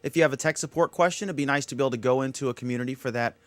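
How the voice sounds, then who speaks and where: A man's voice: mid-range voice, rapid-fire, no echo. A man hosting a casual panel chat over a video call, asking easygoing questions. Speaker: host.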